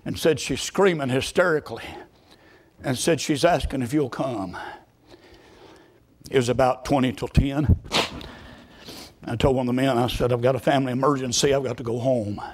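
A middle-aged man preaching a sermon, moving from quiet storytelling to loud, fervent shouting. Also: mid-range voice. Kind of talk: fiery sermon.

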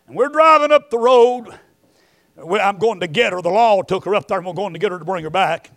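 A middle-aged man preaching a sermon, moving between quiet storytelling and shouted emphasis. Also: sits high, fairly quick, no echo, studio quality.

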